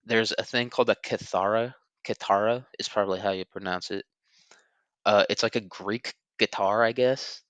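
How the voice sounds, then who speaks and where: Low-voiced young man rambling casually. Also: fairly even intonation, moderate pace, fairly bright tone, no room sound. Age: 20s. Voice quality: sometimes says R like W. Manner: crude, joking, rambling with frequent fillers and chuckles. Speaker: podcast host.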